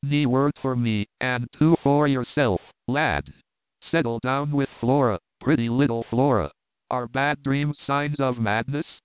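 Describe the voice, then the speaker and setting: A man voicing a haunted, agitated middle-aged sea captain who speaks in a hushed, urgent way. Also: medium pitch, unhurried, clean tone, dry recording, close to an everyday voice. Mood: defiant. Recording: narrow phone-like band.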